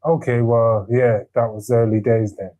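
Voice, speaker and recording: A man, a boxer, answering interview questions in short, low-key replies. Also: level tone, normal speed, warm tone, low-quality recording. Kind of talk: pre-fight interview.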